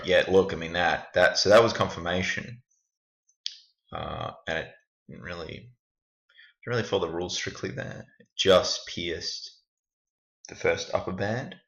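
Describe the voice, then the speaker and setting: Low-voiced man rambling through a screen recording. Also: vocal fry, fairly bright tone. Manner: rambling, thinking aloud, self-critical. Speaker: trader reviewing his backtest results. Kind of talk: casual screen-recording walkthrough. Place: indoors at a computer. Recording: echoey room, dull lo-fi sound.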